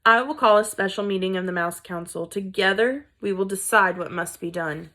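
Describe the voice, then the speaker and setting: A woman voicing a pompous father mouse who blusters and shouts in despair over his son. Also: medium pitch, normal speed, natural voice. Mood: solemn.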